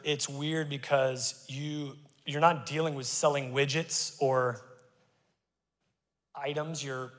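Recorded live through a stage mic in a church auditorium with hall reverb, a medium-pitched, middle-aged pastor delivers a sermon. His delivery moves from loud, emphatic appeals to quiet, confessional asides.

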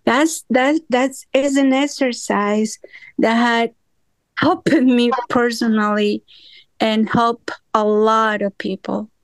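A woman's voice: a little high, steady tone, takes it slowly, dry recording. A woman in a study group sharing a personal testimony over a remote call, talking earnestly with small grammar slips. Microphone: remote call audio.

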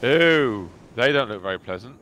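Lively British man chatting over a game. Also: mid-range voice. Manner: chatty, animated, quick exclamations. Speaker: gamer streaming with friends. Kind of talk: casual game-stream chat.

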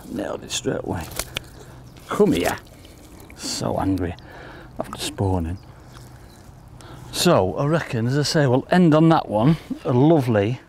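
A man giving excitable, casual commentary to viewers while fishing by a lake. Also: mid-range voice, slight background noise. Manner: chatty, excitable, talks to viewers as folks. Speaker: angler demonstrating fishing. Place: outdoors by a lake.

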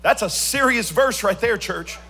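Male pastor, sermon delivery, high-pitched and bright, builds to sung climaxes. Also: expressive, unhurried, breathy edge. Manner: preaching with rising sung emphasis. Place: church.

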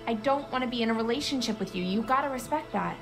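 A woman's voice: a little high, expressive, fast, fairly bright tone, soft background music. A young woman voicing a blunt, exasperated girl in a video game, firmly ending a summer fling.

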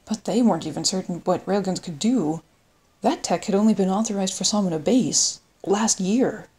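A woman reading an audiobook in steady scripted narration. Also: medium pitch, moderate pace, slightly rough. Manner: steady storytelling read.

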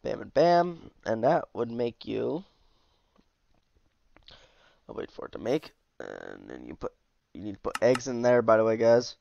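A man's voice: medium pitch, unhurried, vocal fry, long pauses, darkish tone, lo-fi sound. A man casually commenting as he shows off a game mod, easygoing and chatty, sounding tired. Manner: chatty, easygoing, with asides and trailing off. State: tired, yawning. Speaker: mod reviewer.

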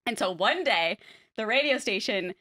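A woman in her thirties from Nebraska, co-hosting a podcast and telling an animated story about herself with plenty of laughter. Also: mid-range voice, moderate pace. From Nebraska, USA. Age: 30s. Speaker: podcast co-host. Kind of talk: casual chat.

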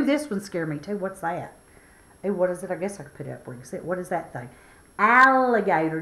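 A woman's voice: lowish voice, a bit bright. A woman teaching a children's phonics lesson in a playful, encouraging, sing-song way.

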